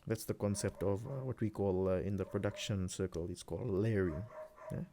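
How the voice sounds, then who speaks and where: Low-voiced man explaining his beat-making. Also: fairly quick, slight background noise. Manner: relaxed, rambling, many fillers and restarts. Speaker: music producer. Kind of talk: casual screen-recorded tutorial.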